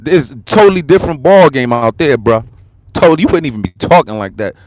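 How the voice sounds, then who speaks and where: A man's voice: on the high side, expressive, fast talker, darkish tone, no room sound. A man with a New York accent hosting a livestream and ranting bluntly and combatively in street talk. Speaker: livestream host. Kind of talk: heated livestream rant.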